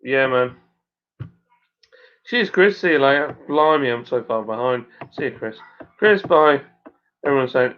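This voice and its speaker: A man with a broad Suffolk accent chats away on a home live stream, matey and rambling, with lots of ums and uhs. His voice sits in an ordinary middle pitch. The recording is dull and lo-fi. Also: measured pace. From Suffolk, England. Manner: rambling and matey, with many fillers. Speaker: stream host and brewer. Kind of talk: casual live-stream chat reading viewer comments. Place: at home by the fire. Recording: dull lo-fi sound.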